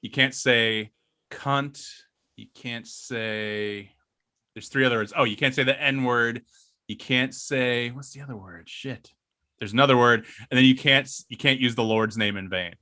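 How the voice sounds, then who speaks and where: Laughing, rambling podcast man, bright voice. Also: mid-range voice, unhurried. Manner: rambling storyteller, laughs often, swears. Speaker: podcast co-host. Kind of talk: casual podcast banter.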